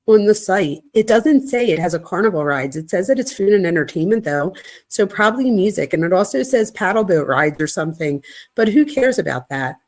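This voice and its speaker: A woman's voice: medium pitch, lively intonation, fairly quick, darkish tone. A woman reading as a casual young boyfriend. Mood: offhand. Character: casual young man texting his girlfriend.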